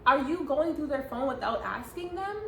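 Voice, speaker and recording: Young woman podcast co-host, giggly and hesitant, echoey room with steady background noise. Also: high voice, normal speed. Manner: giggly, hesitant with many ums. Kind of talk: casual chat.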